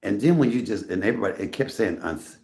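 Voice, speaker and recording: A man's voice: lowish voice, lively intonation, fast talker, darkish tone. A middle-aged man hosting a casual livestream from his home, chatty and greeting viewers by name, coughing often. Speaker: livestream host. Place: home room. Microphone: phone on a tripod.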